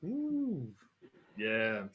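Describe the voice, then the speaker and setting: A man's voice: medium pitch, huge pitch swings, drawn-out words, lo-fi sound. A male host who reacts to his guest with short interjections and laughs along. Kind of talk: casual interview. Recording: loud background noise.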